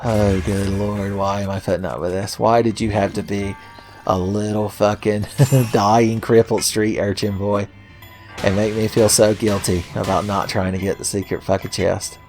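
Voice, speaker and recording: A man's voice: fairly low pitch, little pitch movement, normal speed, music in the background. Profane, sarcastic male gameplay commentator. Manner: profane, sarcastic, mock-exasperated ranting. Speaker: let's play host.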